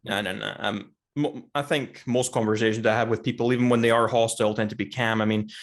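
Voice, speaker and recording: A man's voice: medium pitch, fairly even intonation, fast talker. Hesitant man rambling on a video call. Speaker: podcast guest. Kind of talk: casual conversation.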